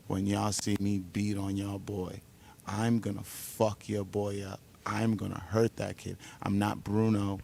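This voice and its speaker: A fighter at a press conference, his voice sitting low with a rough, gravelly fry. He talks trash in a brash, profane way, boasting and taunting his opponent. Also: darkish tone. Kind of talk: trash talk.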